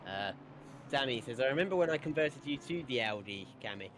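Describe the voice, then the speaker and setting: A man's voice: mid-range voice, expressive, fairly quick, a bit bright, slight background noise. A man doing casual, teasing live commentary and banter on a sim race. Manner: playful, teasing, jokey.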